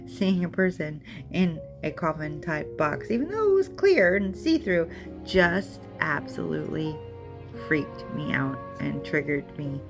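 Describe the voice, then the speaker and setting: Gravelly woman telling a personal story. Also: fairly low pitch. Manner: earnest, emotional retelling. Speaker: storyteller sharing her recovery. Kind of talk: personal testimony.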